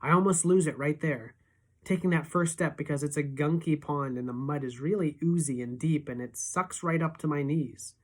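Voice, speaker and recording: A teacher reading a novel aloud in steady, expressive first-person narration. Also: female voice, sits low, moderate pace.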